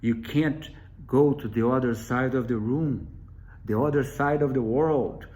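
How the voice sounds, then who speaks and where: A man's voice: mid-range voice, a little slow, warm tone, close to an everyday voice. A man doing a blunt storybook wolf. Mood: protective. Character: male wolf, leader of the animals, blunt.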